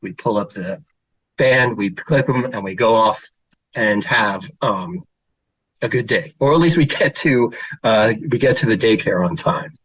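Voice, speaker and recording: This middle-aged man has a fairly low pitch, a measured pace, and a fairly bright tone with a breathy edge. A child therapist, he gives a slide talk full of informal stories and fillers, now and then slipping into kids' voices, captured without echo on a low-quality recording.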